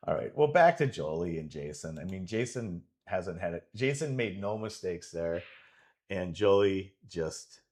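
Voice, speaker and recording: Guy with a lowish voice calling a pool match live, all hyped up, lots of um and restarts. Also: expressive, a little slow, long pauses, a little mellow. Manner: enthusiastic, rambling, with fillers and restarts. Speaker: pool coach commentating a livestream. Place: pool club.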